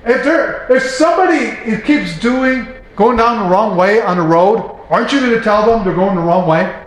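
High-voiced guy in his 40s reading the bible, chatty side comments, big echoey room. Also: moderate pace. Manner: reads scripture aloud, then breaks in with casual asides. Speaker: Bible teacher.

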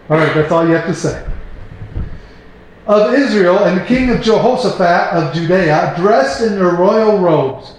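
Man, 40s, high voice, bible reading with casual commentary, very echoey room. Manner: reads scripture aloud, then breaks in with casual asides. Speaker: Bible teacher.

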